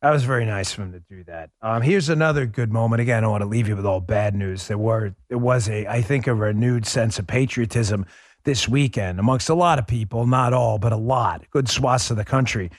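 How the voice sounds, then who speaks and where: A man from Queens hosting a political commentary podcast, animated and quick to laugh. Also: on the low side, dry recording, studio quality. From Queens, New York. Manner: animated, laughs often, breaks into impressions. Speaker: podcast host.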